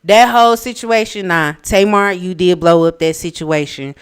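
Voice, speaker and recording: A woman's voice: lowish voice, normal speed, clean tone. Blunt, ranting woman podcast host. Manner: blunt, opinionated, animated ranting. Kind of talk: casual reality TV recap chat.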